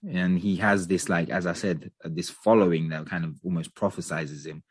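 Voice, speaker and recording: A man co-hosting a podcast, chatting casually and giving animated opinions with plenty of hedging. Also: low-pitched, normal speed, husky, no room sound. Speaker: podcast co-host.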